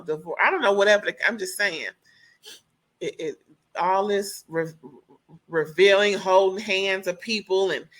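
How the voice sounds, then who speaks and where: A woman reviewing a reality TV reunion in casual chat, animated and opinionated, swearing freely. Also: fairly low pitch.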